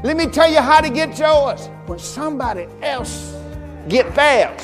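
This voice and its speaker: High-voiced preaching man in a reverberant church. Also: expressive, unhurried, some chatter behind. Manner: preaching with call-and-response, rising to shouts; storytelling with acted quotes and sound effects. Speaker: pastor. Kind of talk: sermon. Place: church sanctuary. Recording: church service recording with long hall reverb and faint music.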